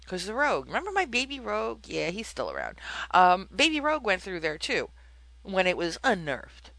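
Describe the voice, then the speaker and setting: Lively, bright-voiced woman podcast host. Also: mid-range voice, moderate pace, creaky, no room sound, rough recording. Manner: animated, exclamatory rambling. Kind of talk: casual gaming podcast chat.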